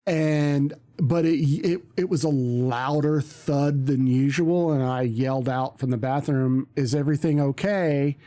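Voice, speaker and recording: A man's voice: medium pitch, fairly even intonation, takes it slowly, hardly any pauses, warm tone. A man, a streamer, telling a story in casual chat, rambling with many ums and restarts.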